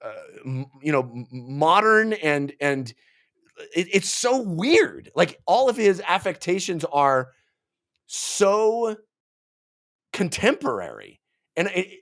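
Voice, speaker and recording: Male podcast co-host, fairly high and very animated voice, exasperated ranting delivery. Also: takes it slowly. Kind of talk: casual film review chat.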